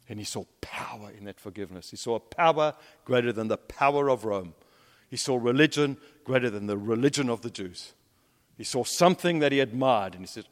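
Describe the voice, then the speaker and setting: A man delivers a sermon in a church hall whose long reverb trails after his words. He tells stories and swings between emphatic, rising peaks and low, hushed drops. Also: expressive, brisk. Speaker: preacher.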